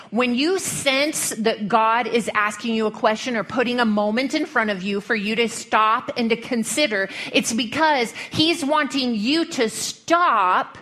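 A woman's voice: on the high side, fairly bright tone. A woman preacher with a Western American accent, giving a folksy, humorous sermon full of storytelling.

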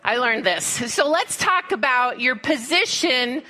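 A middle-aged woman telling a lively, laughing story in a church sermon, acting out her own panic. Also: sits high, measured pace. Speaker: speaker at a cowboy church. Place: church service.

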